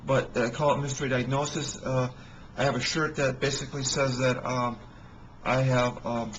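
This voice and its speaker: A man telling rambling personal stories in a halting way, with many restarts and fillers. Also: medium pitch, level tone, a bit bright, dull audio, a little hiss or hum.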